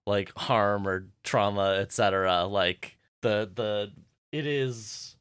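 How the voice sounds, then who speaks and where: A man's voice: fairly low pitch, slow pace, a bit bright, clean tone, no echo, clean studio sound. A young man co-hosting a fan podcast in casual chat, hesitant and thinking aloud. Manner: hesitant, many fillers and restarts. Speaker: podcast co-host.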